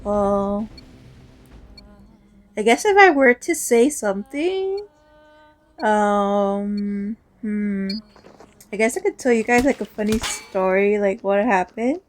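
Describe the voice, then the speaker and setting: A woman's voice: medium pitch, slow, long pauses, soft background music. A woman hosting a mobile gaming video, chatting casually and telling a story with lots of "like" and "um". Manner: rambling, filler-heavy "like" and "um". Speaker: mobile gaming channel host.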